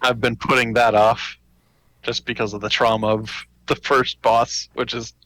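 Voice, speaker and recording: A man co-hosting a gaming podcast who chats in a relaxed, hesitant way with many fillers. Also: medium pitch, moderate pace, no room sound, low-quality recording. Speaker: podcast co-host. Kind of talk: casual chat.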